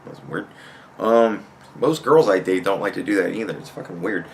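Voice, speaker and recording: A man's voice: sits low, expressive, moderate pace, creaky. A man hosting a podcast in a casual, rambling comedic monologue, swearing freely and laughing often. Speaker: podcast host.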